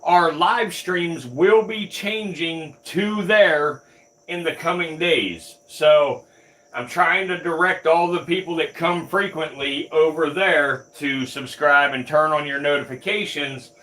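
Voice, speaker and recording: A young man hosts a reptile livestream, chatting casually, swearing, and cooing at his snakes as a reptile keeper. His voice is a little high, slow, and bright with a forceful tone.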